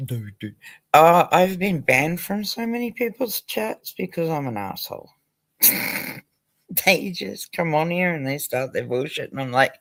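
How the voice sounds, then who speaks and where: An Australian man chats loosely on his livestream, swearing freely and laughing between stories. His voice has a gravelly rasp, sits at an ordinary pitch, and sounds dry and close to the mic. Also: animated, a little slow, fairly bright tone, no echo. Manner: crude, swearing, laughing often. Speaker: livestream host. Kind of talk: casual livestream chat.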